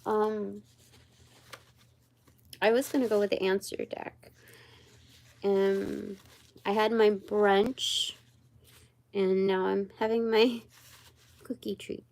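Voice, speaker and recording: Slow, meandering woman reading tarot. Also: medium pitch, level tone, creaky, a little mellow. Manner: slow and meandering, many pauses and fillers; searches aloud for words. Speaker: tarot reader and channeler. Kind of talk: livestreamed spiritual card reading.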